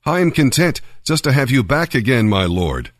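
A man's voice: mid-range voice, big pitch swings, normal speed, dry recording, studio quality, close to an everyday voice. A man reading scripture aloud, voicing a humble nobleman who defends his loyalty to the king. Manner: humble, deferential.

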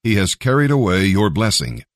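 A man reading the part of an elderly father and patriarch in a grave, measured way. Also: lowish voice, big pitch swings, dry recording, studio quality. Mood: solemn.

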